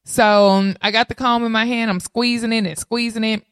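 A woman, casually telling viewers her birth story in an animated way, often calling out to them. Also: fairly high pitch, moderate pace, clean tone, dry recording, clean studio sound. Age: 30s. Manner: animated, addresses audience as y'all. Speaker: mother sharing birth story.

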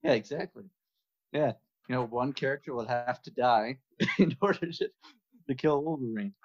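A man's voice: medium pitch, expressive, moderate pace. A man being interviewed as a podcast guest in casual chat, talking hesitantly with plenty of fillers. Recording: muffled lo-fi audio.

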